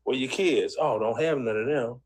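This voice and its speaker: A man's voice: medium pitch, normal speed, a little mellow. A man on a casual call-in show, teasing and mocking the people in videos.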